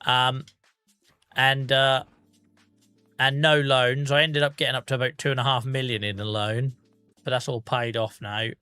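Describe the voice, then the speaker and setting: A man chats his way through a gaming livestream, answering viewers' messages with easy, self-mocking humour. His voice has a bright, forward tone. It sounds close-miked and dry, with faint music underneath. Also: mid-range voice, clean tone, no echo. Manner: chatty, self-mocking, reads out viewer comments. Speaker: livestream host. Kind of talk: casual chat with viewers while gaming.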